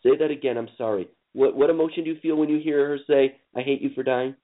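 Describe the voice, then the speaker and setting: Man, forgiveness coach, slow soothing repetition, tinny phone line, mid-pitched voice. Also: fairly even intonation. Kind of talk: guided emotional healing session.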